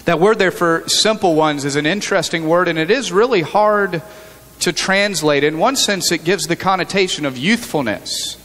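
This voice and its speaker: A man's voice: sits high, normal speed, a bit bright, big-room sound. A man preaching a sermon in an earnest, conversational way, often restarting his sentences. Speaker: pastor. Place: church sanctuary.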